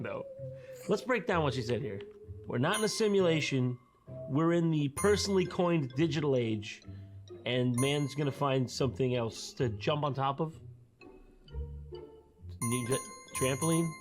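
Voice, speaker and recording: Man with wildly swinging sarcastic delivery. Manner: mock-outraged, exaggerated swings in pitch. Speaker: comedy video host. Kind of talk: sarcastic comedic commentary. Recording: played from a video in a stream.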